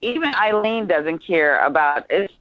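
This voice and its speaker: Animated director on a muffled, dry line. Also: mid-range voice, a little slow, no room sound. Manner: animated, acts out lines mid-explanation. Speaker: director giving actors notes. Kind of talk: rehearsal notes, casual. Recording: dull, dry lo-fi audio.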